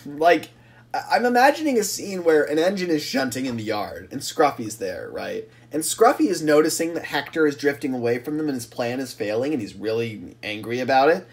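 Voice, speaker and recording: A man co-hosting a casual podcast, animated and rambling, laughing often as he riffs on ideas. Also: medium pitch, fairly quick. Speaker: podcast co-host. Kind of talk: casual chat.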